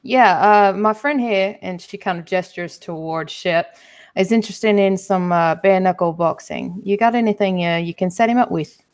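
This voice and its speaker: A woman's voice: medium pitch, normal speed. A woman playing a tabletop game, talking casually with many fillers. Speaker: player. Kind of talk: tabletop role-play.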